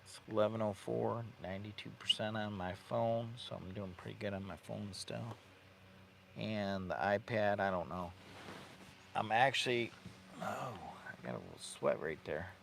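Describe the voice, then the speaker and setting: A man's voice: fairly low pitch, normal speed, creaky, a bit bright, slight background noise. A man chatting casually on a livestream from inside his parked car camper, rambling and laughing at himself as he goes through his gear. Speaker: vlogger.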